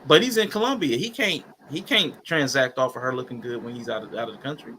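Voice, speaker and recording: Bright-voiced joking man co-host. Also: mid-range voice, fast, slight background noise. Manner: joking, animated commentary. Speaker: podcast co-host. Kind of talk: casual chat.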